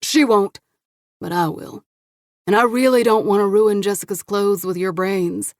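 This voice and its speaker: A woman's voice: mid-range voice, steady tone, unhurried, dry recording, clean studio sound, close to an everyday voice. Woman reading a wry tough male cop. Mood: threatening.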